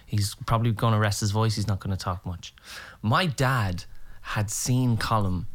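A man's voice: on the low side, moderate pace. Irish man, middle-aged, podcast guest; casual anecdotal delivery with playful impressions. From Ireland. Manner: animated, acts out voices in anecdotes. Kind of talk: casual storytelling chat.

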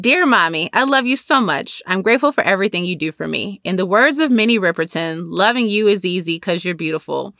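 In casual podcast chat, a co-host with a bright, mid-range voice tells a story with animation, performing the quotes. The sound is clean studio audio with no room sound.

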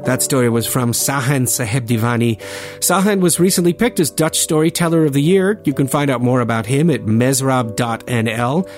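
Brief: male radio host, steady outro read, mid pitch, music clearly under him. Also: moderate pace. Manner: steady, announcer-like reading. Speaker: podcast host. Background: instrumental music.

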